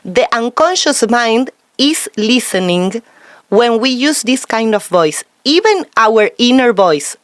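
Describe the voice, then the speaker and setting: Slow, deliberate female guest. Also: fairly high pitch, big pitch swings, no echo, clean studio sound. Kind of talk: interview conversation.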